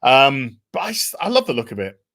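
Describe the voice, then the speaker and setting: A British man hosting a casual live chat over a video call, excitable and sweary. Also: mid-range voice, a little fast. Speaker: host.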